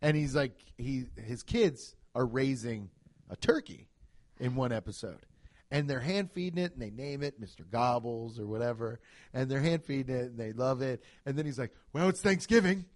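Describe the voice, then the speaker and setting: A man chatting casually in a comedy podcast, telling stories with lots of swearing and quick comic impressions. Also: mid-range voice. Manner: animated storytelling, swears freely, jumps into impressions.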